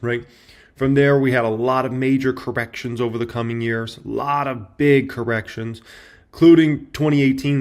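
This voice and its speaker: Man, 30s, gravelly voice, casual market commentary, loose conversational delivery. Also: mid-range voice. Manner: conversational, filler-heavy with tag questions. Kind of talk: casual talk to camera.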